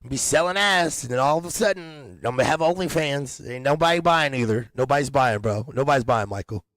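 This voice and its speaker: A man's voice: mid-range voice, expressive, fairly quick, a bit bright, dry recording. A man hosting a casual podcast chat, rambling in slang with frequent restarts and laughter. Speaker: podcast host.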